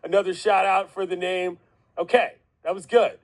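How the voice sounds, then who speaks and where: A man's voice: sits high, fairly even intonation, moderate pace, low-quality recording. A man hosting a sports radio show, upbeat and laughing often as he reacts to callers.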